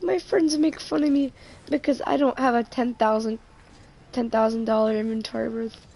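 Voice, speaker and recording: A woman's voice: a little high, flat delivery, normal speed, gravelly, warm tone. A woman voicing a whiny, greedy young player who begs over and over for free items. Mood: whiny pleading. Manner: pleading, repeating "please" over and over.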